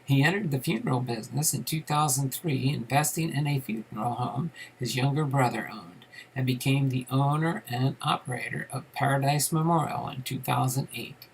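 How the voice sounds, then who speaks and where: A man with a gravelly, mid-pitched voice hosts a live stream. He trades jokes with his chat and reads baseball history aloud in a steady tone. A faint hiss sits under his voice. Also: normal speed, low-quality recording. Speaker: host of a live card-collecting stream.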